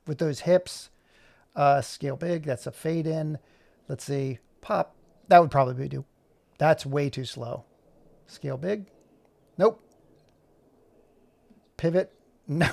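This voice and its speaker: Speaking at a moderate pace with vocal fry and long pauses, a middle-aged man with a slightly high voice narrates his screen-recorded animation tutorial. He's conversational and self-mocking, often muttering to himself.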